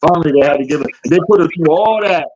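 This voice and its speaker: A man co-hosting a casual talk show, full of slangy jokes and banter. His voice sits a bit high for a man. The audio is dull and lo-fi. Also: rapid-fire, a crowd in the background. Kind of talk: casual chat.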